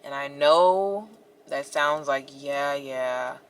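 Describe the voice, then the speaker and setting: A young woman telling her breakup story and giving advice in a casual, expressive vlog, talking straight to viewers with lots of "like"s. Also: extremely low pitch, slow pace. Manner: expressive, talks to viewers directly, many "like"s. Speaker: vlogger.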